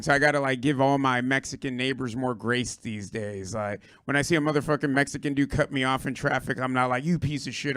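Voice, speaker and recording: A hoarse Puerto Rican-born man doing a rambling, profane stand-up set on a club stage, riffing with the crowd. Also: mid-range voice, a bit bright. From Puerto Rico. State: hoarse, lost his voice. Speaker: stand-up comedian.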